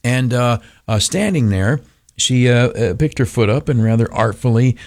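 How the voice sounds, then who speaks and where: A man's voice: medium pitch, normal speed, a little mellow, dry recording, clean studio sound. An older man giving an informal devotional talk in a folksy, rambling way with many fillers.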